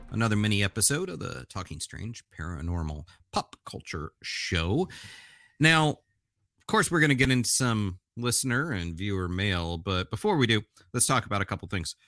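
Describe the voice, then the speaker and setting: A man hosting his own podcast, rambling cheerfully through his thoughts and often restarting his sentences. His voice sits a little low but comes through forceful and bright. The recording is close and dry. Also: no echo. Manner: chatty, enthusiastic, self-correcting with frequent restarts. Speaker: podcast host. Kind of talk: casual solo podcast talk.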